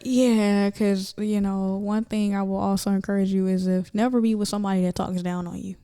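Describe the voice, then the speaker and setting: A young woman, a podcast guest, telling a story casually with lots of fillers and acting out quotes in a high voice. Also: fairly quick, smooth. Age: young adult. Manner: animated, many fillers, acts out quotes in high voice.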